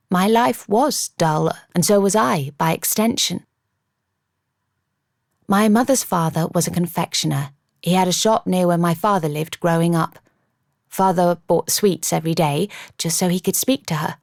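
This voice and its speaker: A woman reading a first-person novel as an audiobook narrator, in a measured, wry storytelling manner, close to the mic. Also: on the low side, creaky, darkish tone, dry recording.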